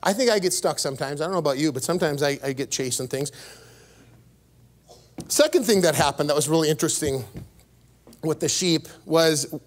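Male pastor, high voice, storytelling sermon, voice leaps up when excited. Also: a little fast, long pauses. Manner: storytelling with sudden pitch jumps and laughs. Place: church.

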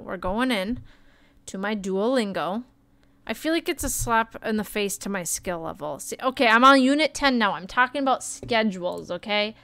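A young woman streaming, chatting casually and joking at her own expense while she thinks out loud. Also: a little high, clean tone, dry recording. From Canada. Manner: chatty and self-mocking, thinking aloud. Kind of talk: casual live-stream chat.

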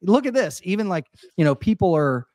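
A man's voice: high-pitched, big pitch swings, a little fast, darkish tone, no room sound, clean studio sound. A man co-hosting a money talk show, casually telling stories in a laid-back way with lots of filler words. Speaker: co-host. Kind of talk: casual chat. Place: Austin.

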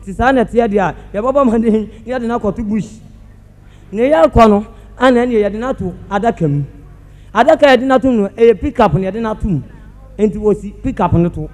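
A man with a Ghanaian accent performing a live comedy monologue on a theatre stage, animated and acting out sounds with his voice. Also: high-pitched, fairly quick. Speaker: comic storyteller. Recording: hall reverb with faint music.

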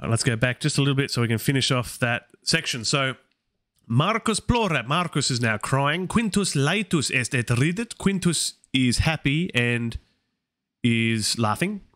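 Man, live study stream, thinking aloud, self-questioning, mid-pitched voice. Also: expressive, normal speed, fairly bright tone. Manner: puzzles over translations aloud, self-questioning. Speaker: Latin learner hosting a stream.

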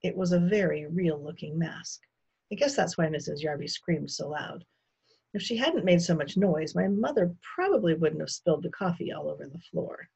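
Woman teacher reading aloud, low-pitched and husky, expressive delivery, dull lo-fi recording. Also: moderate pace. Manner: expressive storytelling. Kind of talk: reading a children's novel aloud.

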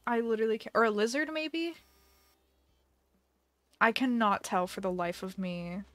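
A woman's voice: fairly high pitch, expressive, normal speed, a bit bright, dry recording. A young woman live-streaming a video game, chatting casually with a giggly, dramatic manner and mock panic.

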